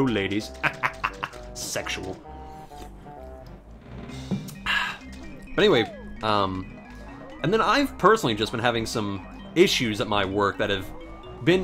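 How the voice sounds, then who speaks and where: A man's voice: on the low side, a bit bright. A young man casually commentating a video game, rambling through a sarcastic story about work and swearing freely. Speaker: gameplay commentator. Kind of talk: casual let's play commentary.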